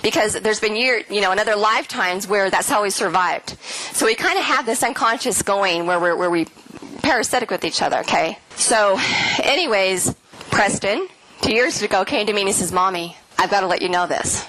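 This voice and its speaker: A middle-aged woman giving a keynote spiritual talk to an audience, earnest and animated, acting out the lines she quotes. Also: medium pitch, brisk, low-quality recording. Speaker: keynote speaker.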